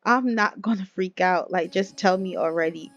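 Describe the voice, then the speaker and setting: A woman's voice: medium pitch, moderate pace, lo-fi sound, faint music behind, natural voice. A woman voicing a young pregnant woman who is homesick, shy and self-conscious, in a casual chatty way. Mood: wistful.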